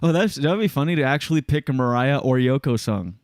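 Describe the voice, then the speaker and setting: A man's voice: medium pitch, animated, fast talker. A French-speaking man hosting a podcast, chatting in a jokey, rambling way. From Atlantic Canada. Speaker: podcast host. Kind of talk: casual chat.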